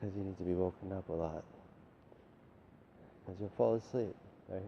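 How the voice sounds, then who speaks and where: Here the voice is low-pitched and creaky, moving at a normal speed, as a man addresses the listener head-on with a rambling, profane lecture. Expect slight background noise on a dull lo-fi recording with faint ambience.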